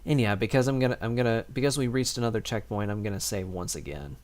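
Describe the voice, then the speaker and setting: A man streaming a video game, chatting casually and thinking out loud as he plays, often restarting his sentences. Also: fairly low pitch, fast talker. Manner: chatty, rambling, thinks aloud with many restarts. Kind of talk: casual livestream commentary.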